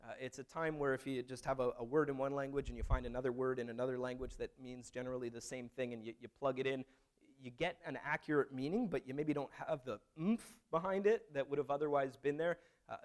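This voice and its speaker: A man preaching a sermon in a conversational, storytelling way, with frequent restarts. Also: medium pitch. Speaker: pastor.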